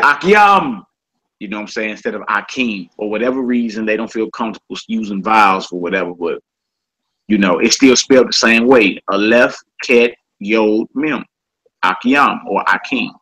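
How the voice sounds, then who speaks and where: A man teaching a casual online language class, relaxed and conversational, repeating each word slowly for his students. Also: medium pitch, slightly rough, rough recording.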